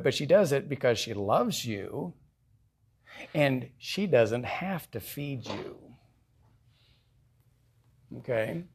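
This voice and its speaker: A man's voice: a little high, darkish tone, husky. Conversational male pastor preaching. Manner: conversational, asks the congregation questions. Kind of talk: sermon.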